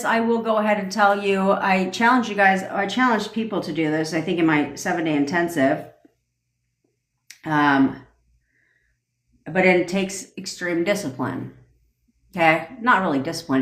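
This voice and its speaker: A woman's voice: on the low side, fairly bright tone. Blunt, profane woman ranting in a roomy space. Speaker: manifestation coach hosting a live stream. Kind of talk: casual livestream rant. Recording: roomy echo.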